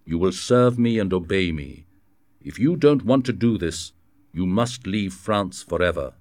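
Guy voicing a stern king giving orders, low voice, formal and firm, dry sound. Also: expressive, a little slow, darkish tone, dry recording. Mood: commanding. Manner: firm, formal, authoritative delivery. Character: stern commanding young French king.

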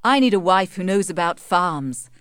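An earnest, hopeful young farmer in love, as a woman reader puts him on. He speaks gently and persuasively in a low, lively voice. The sound is close and dry. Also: moderate pace, clean tone, dry recording, natural voice.

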